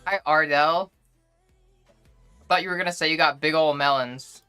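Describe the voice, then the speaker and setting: Young woman streamer, bright crisp voice, casual crude banter, faint music behind. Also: low voice, moderate pace. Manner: chatty, greets viewers one by one, jokey and crude. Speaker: livestreamer. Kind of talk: casual live-stream chat.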